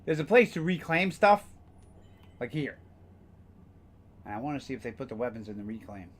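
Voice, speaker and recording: A man's voice: mid-range voice, very animated, moderate pace, slight background noise. A man casually streaming a game, rambling with frequent fillers and the odd curse. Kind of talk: casual gameplay commentary.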